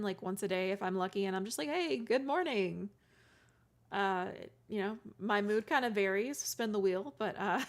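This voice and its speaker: A woman streamer chatting casually with her live chat, giggly and self-deprecating, often restarting her words. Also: medium pitch. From California.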